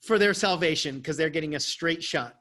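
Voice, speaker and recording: Chatty man coach, slightly high. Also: a little fast, crowd noise. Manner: chatty, self-mocking, laughs often. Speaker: life coach host. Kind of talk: casual storytelling chat.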